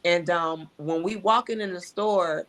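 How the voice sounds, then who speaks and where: A middle-aged woman telling a personal testimony in an animated way, acting out dialogue and repeating herself. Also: lowish voice, a little slow. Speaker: speaker sharing a testimony.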